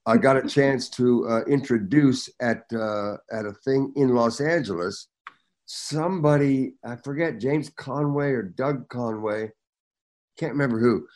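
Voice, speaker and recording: A man's voice: mid-range voice, unhurried. An older man, an actor guest, telling anecdotes in casual chat and acting out the people he quotes. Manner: animated storyteller, acts out quotes.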